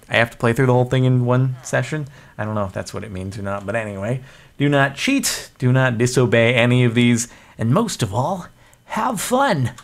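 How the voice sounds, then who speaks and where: Jokey man doing game commentary. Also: mid-range voice. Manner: jokey, self-mocking, chatty. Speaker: gaming video host.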